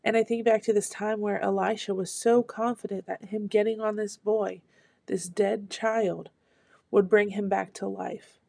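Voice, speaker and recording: A woman tells a personal story of faith with earnest conviction. Her voice stays flat and even, with a gravelly edge. The sound is dry and close, with no room around it. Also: mid-range voice, unhurried, no room sound. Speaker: speaker sharing a testimony. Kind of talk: devotional testimony talk.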